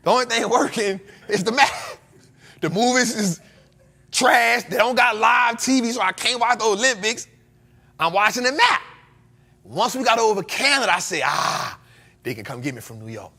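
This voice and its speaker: A man's voice: very high voice, normal speed, creaky, sharp tone, breathy edge. A man, the host of a show, telling a story in a casual, slangy way and laughing often. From United States.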